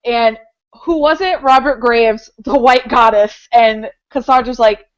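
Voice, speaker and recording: A woman's voice: on the high side, unhurried, muffled recording, slight background noise. A woman co-hosting a casual podcast, talking enthusiastically about a comic book, laughing often and filling her speech with "like" and "um". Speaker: podcast co-host.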